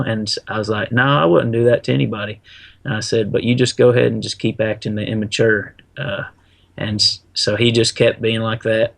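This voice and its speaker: A middle-aged man with a somewhat low voice tells a story in easygoing slang, acting out the lines of the people in it. His voice sounds dry and close to the mic, with no room sound. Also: dry recording. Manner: animated, slangy, acts out quotes. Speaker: guest. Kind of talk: casual storytelling.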